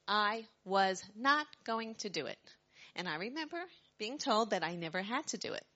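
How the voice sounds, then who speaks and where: A woman's voice: medium pitch, moderate pace, lo-fi sound. A middle-aged woman telling her story to an audience, acting out the voices of the people in it. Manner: animated storyteller, acts out quoted voices loudly.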